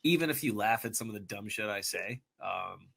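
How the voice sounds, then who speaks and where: A man rambles through a jokey self-introduction, laughing at himself and tossing in swear words. His voice is low-pitched with a sharp, bright edge. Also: animated, a little fast, gravelly, slightly rough. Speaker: person in an archived video clip.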